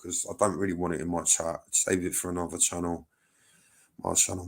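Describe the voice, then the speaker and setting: Low-voiced bloke hosting a casual stream, rambling and cursing as he reads chat. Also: little pitch movement, fairly quick, gravelly. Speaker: livestreamer.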